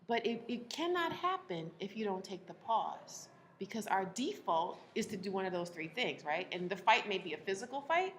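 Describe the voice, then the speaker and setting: A woman relationship coach is speaking to a live audience on a stage mic. Her delivery is animated and she laughs often, dropping into voices for the people she describes. Her voice sits at a middle pitch, with faint noise behind it. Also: moderate pace, hardly any pauses.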